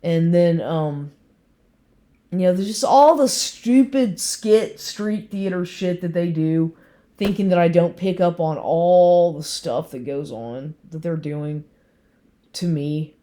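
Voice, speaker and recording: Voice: mid-range voice, slow, warm tone. A speaker in a rambling vlog monologue, agitated and constantly swearing, with lots of fillers and restarts.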